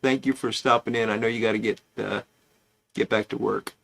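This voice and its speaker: A man's voice: lowish voice, steady tone, fairly quick, vocal fry, a bit bright, a little hiss or hum. A man hosting a casual pipe-smoking livestream, rambling and chatty as he greets viewers by name.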